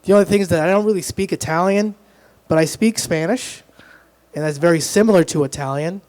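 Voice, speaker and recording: A young man works the room at an open mic in a small club, speaking into a handheld stage mic. His voice sits high for a man, and he ribs the crowd and himself as he goes. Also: a little fast, darkish tone. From Dominican heritage, grew up in Texas area. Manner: self-deprecating, crowd-teasing punchlines. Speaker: stand-up comedian. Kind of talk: open mic stand-up comedy. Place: small live music club.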